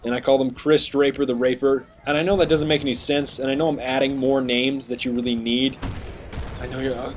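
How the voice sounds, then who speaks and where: A man giving chatty, rambling gameplay commentary, getting sidetracked and excitable over his kills. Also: mid-range voice, a little fast, a little hiss or hum. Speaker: gaming commentator.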